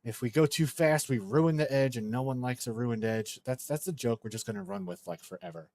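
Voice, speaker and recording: A man's voice: mid-range voice, fairly quick, darkish tone, dry recording. A man live-streaming a speedrun, chatting casually and joking with his viewers.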